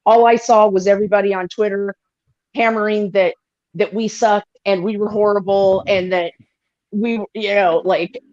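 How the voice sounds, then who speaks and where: A woman co-hosting a casual sports chat, rambling and animated, swearing freely and filling with "like". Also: mid-range voice, normal speed, no echo, muffled recording. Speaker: podcast co-host.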